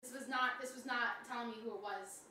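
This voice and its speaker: Bright high-voiced woman streamer, pleading dramatically. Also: fairly even intonation, brisk, a little hiss or hum. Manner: pleading, dramatic, swings from pleading murmur to shouting. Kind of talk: casual live-stream chat.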